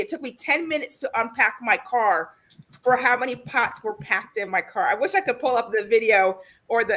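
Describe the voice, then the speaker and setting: An excited woman recounting a find in a casual group chat about gardening. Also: fairly high pitch. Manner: excited, enthusiastic. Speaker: panel guest.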